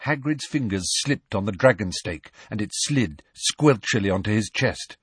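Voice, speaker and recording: A man narrating a story with expressive storytelling. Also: fairly low pitch, normal speed, husky, no echo, clean studio sound. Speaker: audiobook narrator. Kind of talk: scripted narration.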